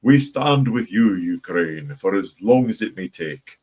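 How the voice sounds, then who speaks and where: A man's voice: low voice, expressive, a little slow, a little mellow, husky, full character voice. A man doing a mocking impression of a smug, reassuring British leader with a put-on British accent.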